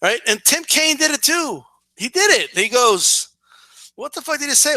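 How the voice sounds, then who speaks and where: High-voiced guy ranting about politics, cussing a lot, very bright edgy tone, dry sound. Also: very animated, unhurried, dry recording. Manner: profane, emphatic, filler-heavy with frequent "right?". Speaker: political commentator. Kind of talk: casual ranting commentary.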